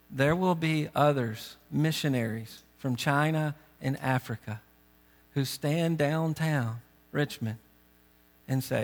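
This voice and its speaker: Earnest man preaching in a hall. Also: on the high side. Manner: earnest, urgent preaching with direct questions to the congregation. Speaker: pastor. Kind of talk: sermon. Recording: long reverb of a big hall.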